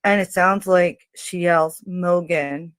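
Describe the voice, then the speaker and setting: A woman hosting a true crime channel, describing audio clips in a hesitant way with many pauses and fillers. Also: low voice, clean tone, no echo. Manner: hesitant, many ums, slow and even.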